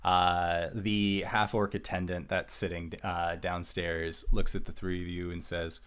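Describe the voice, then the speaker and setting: A man narrating as game master of a tabletop game, slow with many filler sounds. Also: low voice, level tone, fairly bright tone, clean tone.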